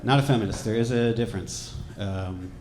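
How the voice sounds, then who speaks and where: A man from Georgia doing a stand-up set, wry and deadpan, with throwaway asides. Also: on the low side, normal speed, noisy background. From Georgia, USA. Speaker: stand-up comedian. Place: comedy club stage. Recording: echoey club with loud crowd laughter. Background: audience laughing.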